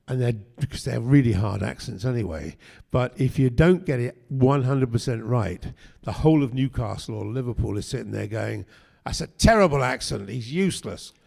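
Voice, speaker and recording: A man's voice: medium pitch, gravelly, mellow. An older man, a guest actor, telling chatty anecdotes at a convention panel interview, with frequent restarts. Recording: echoey hall.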